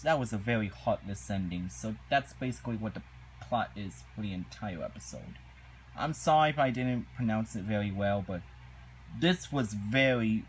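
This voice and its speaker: Guy doing a slow rambly review rant, keeps restarting, kinda indignant. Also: on the low side, a little hiss or hum, rough recording. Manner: halting, repetitive, indignant. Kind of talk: casual episode review rant.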